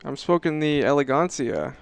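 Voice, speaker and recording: Gravelly deadpan man on a podcast. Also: on the high side, moderate pace. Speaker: prosecutor and regular co-host. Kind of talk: casual chat.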